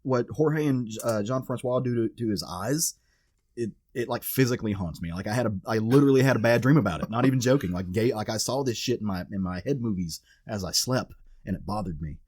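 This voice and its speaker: Male podcast co-host, mid pitch, animated recapper, dry close mic. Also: brisk, no room sound. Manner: animated retelling, acts out quoted characters. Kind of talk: casual chat recapping a comic.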